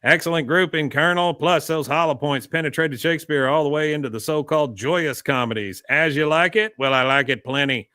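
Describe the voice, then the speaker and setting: A man's voice: a little high, brisk, few pauses, sharp tone, no room sound. A smug, slightly raised cartoon gun nut, gloating like a know-it-all, as a man puts him on. The sound is close and dry. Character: paranoid gun-loving cartoon exterminator, smug.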